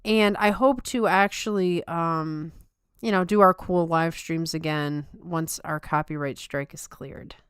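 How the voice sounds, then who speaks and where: Casting: young woman podcaster, rambling and self-mocking, Valley Girl lilt, smooth voice on a dry mic. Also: low-pitched, a little slow, a bit bright, no room sound. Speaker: podcast host. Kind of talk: casual chat.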